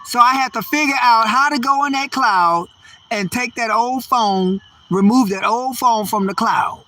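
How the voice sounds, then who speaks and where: A man's voice: extremely high pitch, a little slow. An older man, a comedian, ranting in a profane, rambling monologue. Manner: animated, profane, rambling rant. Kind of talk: stand-up style ranting monologue.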